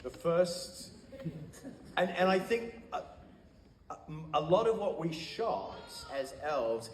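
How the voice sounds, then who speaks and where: A man from New Zealand telling stories as a panel guest at a convention, chatty and animated. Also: a little high, slow pace, pauses often, a little hiss or hum. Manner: chatty, animated storytelling with laughs. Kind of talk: casual anecdote. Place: large convention hall. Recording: echoey hall with faint ambience.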